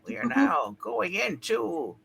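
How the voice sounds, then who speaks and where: Theatrical woman host, gravelly high voice. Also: sing-song, slow pace, over a noisy crowd. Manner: theatrical, mock-grand announcing. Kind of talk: playful group comic reading.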